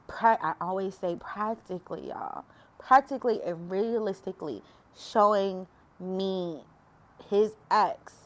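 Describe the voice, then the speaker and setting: Emotional woman giving testimony. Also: mid-range voice. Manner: emotional, preachy, addresses viewers as y'all. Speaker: faith vlogger. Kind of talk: personal testimony talk.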